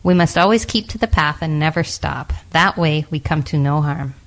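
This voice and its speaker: A woman reading a storybook and voicing a sweet, timid little girl in a red hood, with a soft, breathless, pleading manner. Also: low-pitched, moderate pace. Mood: girlish.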